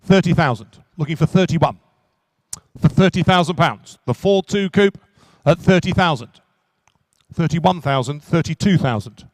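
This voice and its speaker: A man working as an auctioneer at a live car auction, calling bids in quick repetitive runs. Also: on the high side, animated. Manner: rapid repetitive bid calling.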